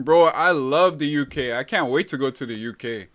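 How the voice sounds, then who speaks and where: A young man hosting a relaxed live stream, reading viewer comments and calling everyone bro. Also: medium pitch, normal speed. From Canada. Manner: laid-back, calls everyone bro.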